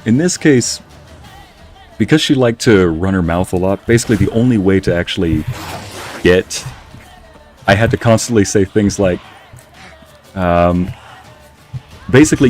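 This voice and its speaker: A man's voice: deep voice, a little mellow. A man streaming a game, telling a long rambling story with frequent laughs while muttering at the game. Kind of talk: casual chat while playing a game.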